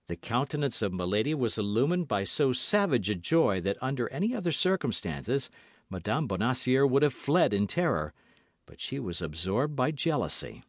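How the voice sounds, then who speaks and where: Expressive male audiobook narrator. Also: fairly low pitch, moderate pace, no room sound, clean studio sound.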